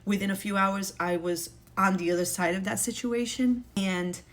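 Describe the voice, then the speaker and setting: A woman's voice: mid-range voice, steady tone, normal speed. Earnest woman telling her testimony. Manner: earnest, emotional, with many fillers and restarts. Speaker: single mom sharing a faith testimony. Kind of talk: casual personal testimony.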